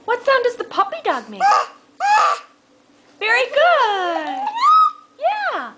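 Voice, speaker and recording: High sing-song woman coaxing a toddler. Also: huge pitch swings, moderate pace, very noisy. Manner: patient, coaxing, repeats questions. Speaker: parent teaching a toddler. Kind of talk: sing-song baby talk. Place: at home.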